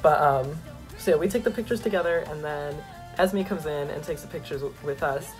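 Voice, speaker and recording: A young adult man vlogging, telling an excited, rambling story with lots of filler words. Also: a little high, fairly quick, soft background music. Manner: excitable, rambling, heavy use of "like". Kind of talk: casual storytelling to camera.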